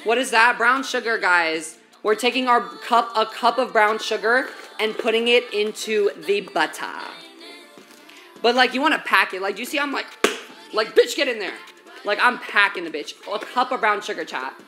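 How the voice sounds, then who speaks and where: A woman's voice: medium pitch, animated, normal speed, over music. A young woman streaming while she bakes, chatting in slangy, profane valley-girl talk straight to her viewers from a home kitchen. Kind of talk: casual baking livestream chat.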